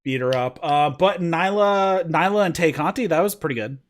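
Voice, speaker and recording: A man's voice: on the high side, moderate pace. A man hosting a casual wrestling review podcast, rambling with lots of fillers and stumbling over names. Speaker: podcast host.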